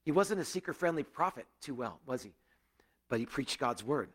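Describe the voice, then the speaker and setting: A male pastor preaching a sermon to a gathered church, earnest, rising to emphatic peaks and dropping to hushed, quiet stretches. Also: sing-song, normal speed, breathy edge. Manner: earnest, swinging between raised emphasis and hushed, low passages.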